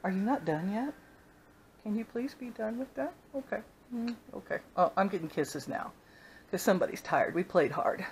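A woman's voice: mid-range voice, animated, normal speed, slight background noise. An older woman giving a casual home video tour of her pets, chatting and baby-talking to them as she walks from her house out to the backyard. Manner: chatty, coos and baby-talks to her animals. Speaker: vlogger showing her pets. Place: house, then backyard with chickens.

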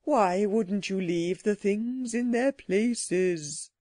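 A woman's voice: mid-range voice, very slow, mellow, no room sound, clean studio sound. A woman voicing a grumpy magical sand creature in a children's audiobook, cross and threatening. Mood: furious.

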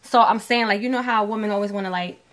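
A talkative woman from New York co-hosts a podcast, chatting casually in a mid-range voice and talking fast. She explains her points at length and acts out other people's voices.

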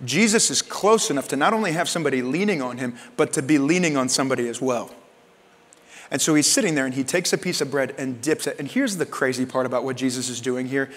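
A man preaching a sermon as pastor, in an animated, conversational way with casual slang. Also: medium pitch, quick pace, big-room sound.

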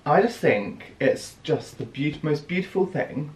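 A man's voice: on the high side, lively intonation, measured pace, noisy background. Young British man, fashion vlogger, gushy and theatrical, echoey room with faint ambience behind. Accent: British English. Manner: gushing, theatrical gasps and squeals. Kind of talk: casual haul video chat.

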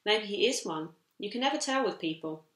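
A woman's voice: medium pitch, animated, brisk, fairly bright tone, roomy sound, close to an everyday voice. A woman voicing a cheerful, friendly mother in a children's story. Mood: fond.

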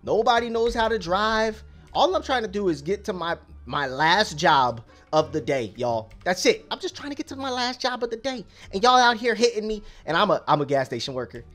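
A young man giving casual, slangy gameplay commentary as a YouTuber, rambling and excitable, shouting at other drivers. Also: high-pitched. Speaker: gaming YouTuber.

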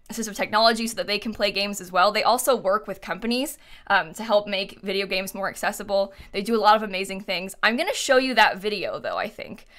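A woman's voice: medium pitch, fairly bright tone. A young woman live-streaming, chatting casually with lots of fillers and little laughs, reading out donations. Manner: quick, giggly, lots of fillers.

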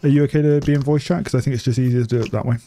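In casual live-stream commentary over a bike game, a young male streamer talks rapid-fire in a warm, steady, medium-pitched voice. He's chatty, swears without hesitation, and laughs often.

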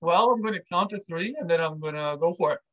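A blunt, matter-of-fact army doctor, quoted by a man telling a story. The voice sits fairly high for a man and keeps a plain, unfussed delivery. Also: quick pace, pushed and bright.

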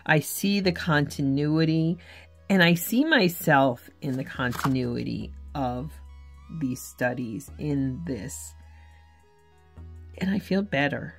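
Woman, low pitch, earnest candid devotional chat, faint music behind. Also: animated, slow pace. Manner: earnest, candid, self-correcting. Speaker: faith vlogger. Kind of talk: casual devotional vlog talk.

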